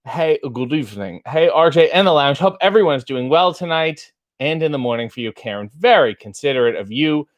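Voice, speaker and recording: A man's voice: on the high side, expressive, brisk, hardly any pauses, highs cut off. Playful, theatrical man hosting a late show. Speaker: late-night show host. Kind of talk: casual livestream chat. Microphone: webcam setup.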